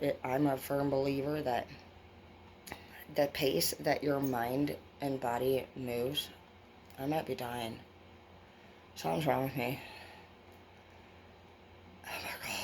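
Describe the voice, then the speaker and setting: A woman's voice: extremely low pitch, gravelly, a little hiss or hum. A woman with grown children giving a casual tarot reading to her viewers, rambling, blunt and full of swearing. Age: adult with children. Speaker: tarot reader.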